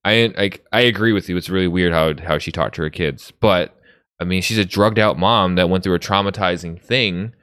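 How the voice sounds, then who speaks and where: A man casually discussing a movie with a friend, animated and swearing as he acts out scenes. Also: sits low, moderate pace, no room sound, studio quality.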